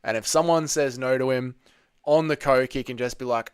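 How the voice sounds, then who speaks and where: A man's voice: medium pitch, moderate pace, clear, resonant tone, dry recording, studio quality. A young man hosting a casual livestream from home, talking bluntly and crudely and reading viewer comments aloud. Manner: blunt, crude banter, reads chat aloud. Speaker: livestream host.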